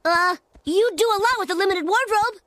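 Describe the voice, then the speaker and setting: Cartoon schoolboy, high and bouncy, hesitant, flattering, dry sound. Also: female voice, normal speed, no echo. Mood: nervous. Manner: hesitant, eager to please. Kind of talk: cartoon voice acting.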